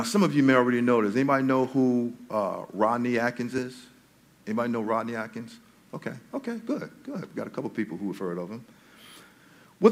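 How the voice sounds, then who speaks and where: Male pastor, halting and conversational, sermon in church, mid-range voice. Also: medium pitch.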